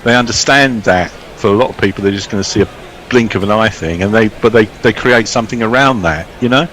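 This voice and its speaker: Rambling low-voiced co-commentator man. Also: brisk, a bit bright, low-quality recording. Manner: rambling, hesitant, repeats words when starting. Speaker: co-commentator reading listener tweets. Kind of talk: casual commentary-box chat.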